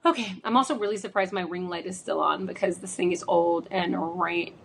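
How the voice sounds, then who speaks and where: A woman's voice: on the low side, a little fast, creaky, a little hiss or hum. Sick woman rambling on her podcast. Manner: chatty, rambling, lots of likes and ums. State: sick with a chesty cough. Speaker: podcast host. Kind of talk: casual solo podcast storytelling. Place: home room. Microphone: studio microphone.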